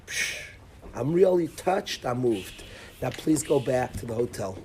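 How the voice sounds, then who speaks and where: A man voicing his old teacher, a gentle rabbi, in a hushed, quiet, tender voice. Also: medium pitch, lively intonation, unhurried, slight background noise, close to an everyday voice. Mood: weary. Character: gentle older male rabbi, soft and weary.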